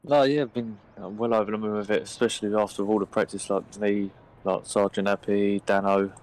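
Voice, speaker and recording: A man interviewed after a race as a driver, cheerful but flat in delivery. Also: fairly low pitch, brisk, clear, resonant tone, poor audio.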